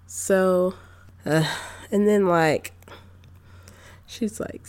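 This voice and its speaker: Slow-talking, sassy young woman reviewing a film. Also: mid-range voice, darkish tone. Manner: chatty, incredulous, sassy asides. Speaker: movie reviewer. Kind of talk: casual spoken movie review.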